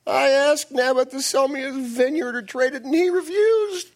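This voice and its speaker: A man voicing a sulky grown king who whines and pouts, with his voice pitched well above his own. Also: moderate pace. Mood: whining. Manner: whining, sulky.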